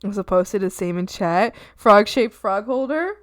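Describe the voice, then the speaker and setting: A woman's voice: medium pitch, lively intonation, a little slow, noisy background. A woman streamer chatting casually and playfully with her viewers, often squealing and giggling. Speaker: art streamer.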